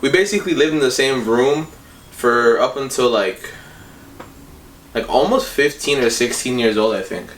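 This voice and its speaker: Young male vlogger, loose rambling storyteller, mid-pitched, slightly distant from the mic. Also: moderate pace, a bit bright, slight background noise. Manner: rambling, filler-heavy slangy telling. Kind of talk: casual storytime monologue.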